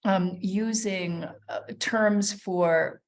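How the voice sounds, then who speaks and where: A woman's voice: medium pitch, steady tone, drawn-out words. A woman guest on a wine podcast, talking thoughtfully with many fillers and restarts. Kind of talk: casual podcast interview.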